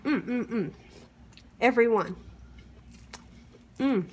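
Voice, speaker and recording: A woman's voice: on the high side, lively intonation, drawn-out words, a little mellow. A woman hosting a home cooking vlog in her kitchen, enthusiastic, often calling out to her viewers and humming as she tastes. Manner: enthusiastic, keeps saying "guys", hums while tasting. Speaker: home cooking channel host.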